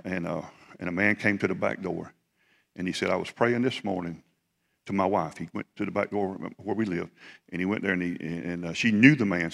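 Preacher guy, kinda low voice, laughs a lot, folksy sermon story, big echoey hall. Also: creaky. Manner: folksy, animated, laughs often, rambling. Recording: long hall reverb.

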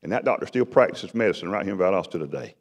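Preacher guy telling his story, lowish voice, big echoey church hall. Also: animated, rapid-fire. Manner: dramatic storytelling, swings from loud to hushed. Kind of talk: sermon testimony. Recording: long hall reverb.

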